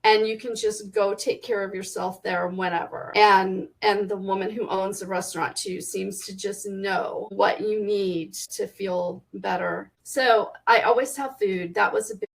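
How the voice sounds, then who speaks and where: Chatty woman with a vocal fry. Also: mid-range voice, low-quality recording. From Texas. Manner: chatty and animated, quick restarts. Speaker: guest author. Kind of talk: casual podcast interview chat.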